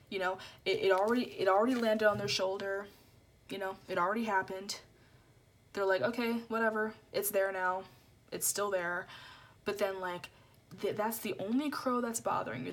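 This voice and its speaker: A woman's voice: medium pitch, slight background noise. A young woman giving a casual tarot reading to viewers, rambling and repeating herself, full of filler words. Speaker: tarot reader.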